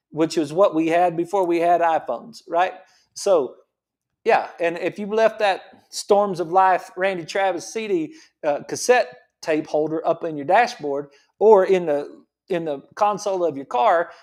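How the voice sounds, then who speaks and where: Emphatic middle-aged chiropractor explaining health. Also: male voice, high voice, darkish tone. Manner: repetitive, emphatic, full of rhetorical questions. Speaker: chiropractor host. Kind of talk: informal health lecture.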